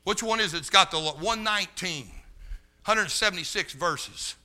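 A man preaching a sermon in a fervent, folksy way, talking straight to the room and rising to shouts. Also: high voice, animated, normal speed. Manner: loses his place, talks to the room.

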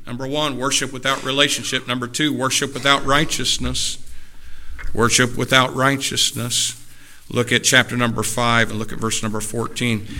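A man preaching a sermon, reading scripture verses and then building to loud, emphatic points before dropping into casual asides with the congregation. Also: medium pitch, level tone, moderate pace. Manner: reads scripture references then preaches with rising, shouted emphasis; drops to a casual, joking tone with the congregation.

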